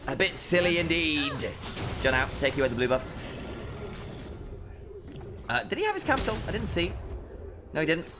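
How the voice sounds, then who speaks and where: A man commentating an esports match in a lively, playful voice that leaps upward whenever a play heats up. His pitch sits a little high for a man and swings widely. Clear game music runs under him throughout. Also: normal speed, pauses often. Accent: put-on casting accent. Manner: animated, jokey, rising excitedly on big plays.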